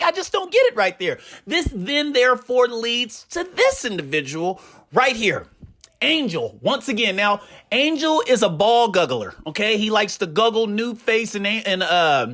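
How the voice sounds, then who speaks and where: A man giving casual commentary on his gaming community, telling stories in an animated way with a repeated catchphrase. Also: high-pitched, measured pace.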